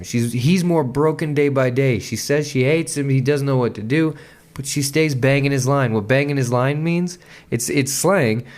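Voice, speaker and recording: A man hosting a podcast, chatting loosely about a song with lots of swearing, restarts and quick laughs. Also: medium pitch. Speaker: podcast host. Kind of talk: casual music commentary.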